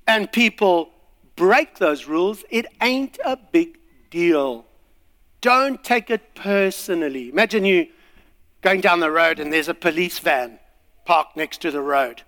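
Guy preaching, high voice, acts out bits with voices, echoey hall. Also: measured pace. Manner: animated, acts out little scenes and voices. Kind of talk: sermon. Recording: long hall reverb.

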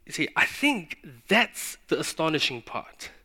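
Male preacher, earnest sermon delivery, bright forceful tone, slightly high voice. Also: big pitch swings. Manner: earnest, questioning, with pauses for emphasis.

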